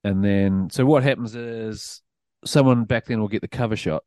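A middle-aged man with a New Zealand accent, a podcast guest telling casual stories, swearing freely and animated. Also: fairly low pitch, moderate pace, smooth, no echo. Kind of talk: casual storytelling.

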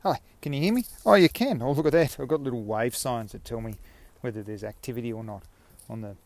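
A man's voice: medium pitch, quick pace, darkish tone. An Australian man hosting a podcast, talking in a rambling, self-mocking way while out walking his dog. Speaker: podcast host. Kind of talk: casual rambling monologue.

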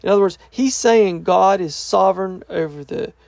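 A man's voice: sits high, normal speed, creaky, darkish tone, no room sound. A man teaching through a scripture passage verse by verse, reading each part aloud and then restating it in plain, casual words. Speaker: Bible teacher.

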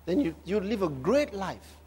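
A man's voice: sits high, big pitch swings, normal speed, darkish tone, slightly rough. A male pastor preaching a sermon with humor and emphatic repetition.

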